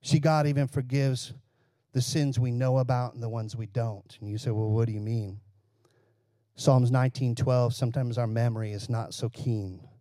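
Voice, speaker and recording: A man's voice: mid-range voice, fairly even intonation, moderate pace, mellow, dry recording. Man preaching a sermon, dry sound. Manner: conversational, asks the congregation questions, jokes. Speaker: pastor.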